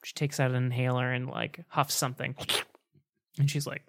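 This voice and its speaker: A man's voice: mid-range voice, flat delivery, normal speed, creaky. A man narrating a tabletop game as game master, in a loose, casual style with fillers.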